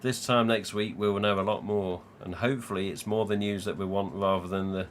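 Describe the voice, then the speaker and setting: Speaking fairly quickly, the English man running this live stream keeps his lowish voice fairly even in intonation. His chat is casual, full of swearing and frequent laughter, with a faint hiss or hum behind it.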